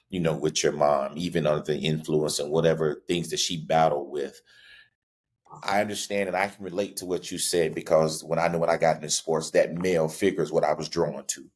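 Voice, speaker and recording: A man's voice: very deep voice, husky. A man hosting a podcast, talking in a heartfelt, emotional, rambling way. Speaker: podcast host. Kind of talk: conversational interview.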